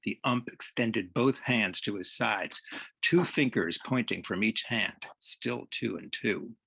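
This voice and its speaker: A man reading aloud from his novel at a public reading, expressive and dramatic. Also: on the low side, slow, vocal fry, breathy edge, dry recording. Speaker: author reading his work. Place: reading series event.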